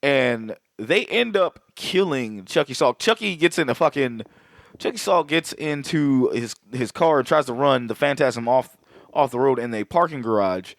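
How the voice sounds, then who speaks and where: A man's voice: mid-range voice, expressive, normal speed, no room sound, clean studio sound. A man co-hosting a podcast, chatting casually about a movie, swearing constantly and laughing often. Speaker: podcast co-host. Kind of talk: casual profane movie chat. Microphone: headset.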